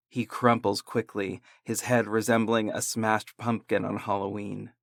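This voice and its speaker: Man reading a creepy story slowly, dramatic, dry close mic sound. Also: fairly low pitch, a bit bright, no room sound. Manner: slow, deliberate and dramatic. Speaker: narrator. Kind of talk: scripted horror narration.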